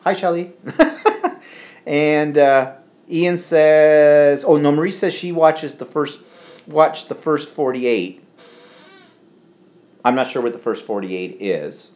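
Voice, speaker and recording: In an echoey room, a man co-hosts a live stream from home, chatting casually and reading out viewer comments. His voice is fairly high and darkish, slow, with long pauses, and he rambles with lots of fillers.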